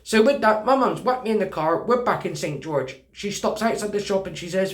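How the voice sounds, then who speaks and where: Animated and swearing freely, a man with a British accent tells a personal story in casual talk, acting out the dialogue. He sits high in pitch and speaks briskly with few pauses, and the recording sounds roomy.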